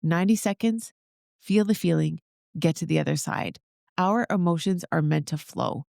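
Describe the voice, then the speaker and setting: A woman's voice: fairly low pitch, moderate pace, creaky, darkish tone, no room sound, clean studio sound. A woman hosting her own podcast, talking straight to her listeners in an upbeat, encouraging way. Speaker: podcast host. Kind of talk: solo motivational podcast talk.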